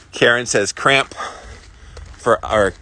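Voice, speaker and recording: A man's voice: mid-range voice, sing-song, very slow, bright, forceful tone, a little hiss or hum. A man in his forties with a Southern US accent, chatting casually with viewers while out walking a hilly trail. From South Carolina, US. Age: 40s. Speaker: vlogger answering live viewer comments. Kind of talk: casual walk-and-talk chat.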